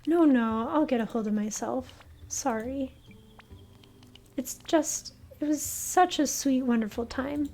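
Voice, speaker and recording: A woman's voice: high voice, slow pace, dark tone, heavily acted. A woman voicing a sentimental older woman who is emotional and gushing, in a game read-through. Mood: tearful.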